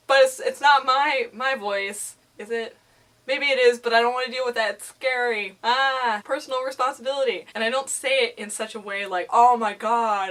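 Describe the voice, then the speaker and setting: A woman talking candidly in a casual vlog, sitting on the floor indoors, animated and exclamatory, with self-mocking asides. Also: on the high side. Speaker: vlogger.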